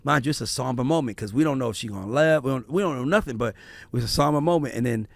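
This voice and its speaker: A man hosting a casual family conversation, telling stories in an animated, profane way. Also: mid-range voice, fast talker, gravelly, no room sound. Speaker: podcast host.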